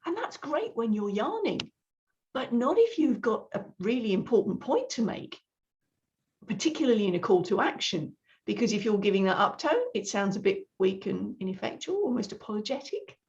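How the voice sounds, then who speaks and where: A woman's voice: a little high, very animated, normal speed, darkish tone, muffled recording. A woman communication coach speaking as a guest in a conversational interview, explaining her points with frequent restarts.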